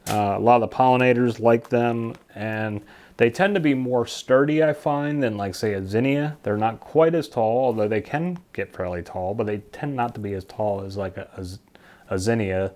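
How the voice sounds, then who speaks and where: A man's voice: mid-range voice, normal speed, darkish tone. A man casually talking to camera about his seeds, rambling and stumbling over plant names he can't pronounce. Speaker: gardening vlogger. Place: basement at home.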